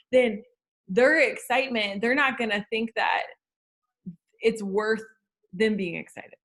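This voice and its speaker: A woman hosting an interview, enthusiastic and quick to praise her guest before asking the next question. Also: a little high, background noise. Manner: enthusiastic, praising, visual metaphors. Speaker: host. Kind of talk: interview chat.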